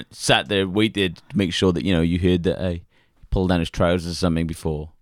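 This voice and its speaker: A man co-hosting a podcast, talking in crude, animated banter and acting out the people he quotes. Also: deep voice, a little fast, no room sound, studio quality. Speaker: podcast co-host. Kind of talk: casual banter.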